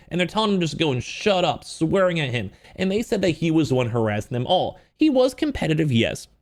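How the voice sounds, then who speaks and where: A man's voice: on the high side, sing-song, fairly quick, hardly any pauses. A man hosting casual drama commentary, talking in a rambling, emphatic way full of fillers.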